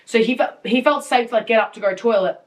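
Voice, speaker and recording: A young woman with a fairly high voice, chatting through a story on her podcast. She talks in an animated way, laughs often and swears freely. Her voice sits a little back from the mic. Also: fast talker, recorded from a distance. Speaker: podcast host. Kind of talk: casual storytelling. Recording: voice a bit off-mic.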